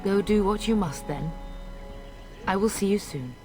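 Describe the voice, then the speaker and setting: A woman's voice: medium pitch, animated, a little slow, over music, close to an everyday voice. An actress playing a proud, caring noble mother in a video game, speaking formally and firmly. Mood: tender. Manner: dignified, formal speech. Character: proud noble mother, middle-aged, caring but firm.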